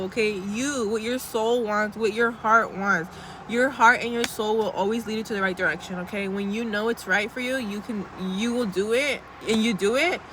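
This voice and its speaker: A woman's voice: fairly high pitch, fairly bright tone, a little hiss or hum. A young woman in casual, blunt pep-talk mode, chatty and sweary, calling her viewers girl as she vlogs. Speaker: vlogger.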